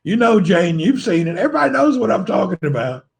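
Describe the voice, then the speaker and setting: A man's voice: sits high, big pitch swings, fast, creaky. A man hosting a livestream, rambling playfully and teasing his viewers, laughing often. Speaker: livestream host. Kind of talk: rambling joking livestream chat.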